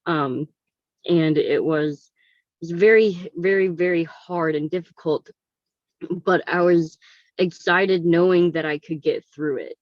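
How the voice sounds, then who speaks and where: A woman's voice: on the low side, measured pace, no room sound, lo-fi sound. A woman co-author sharing her story on a video call, hesitant with many fillers and holding back tears. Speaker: book co-author.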